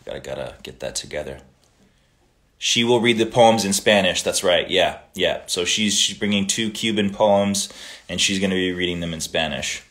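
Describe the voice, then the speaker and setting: A man with a deep, low voice hosts a laid-back livestream and reads viewer greetings aloud. He answers questions casually and often slips into short Italian phrases. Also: moderate pace, fairly bright tone. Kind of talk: casual live chat reading viewer comments.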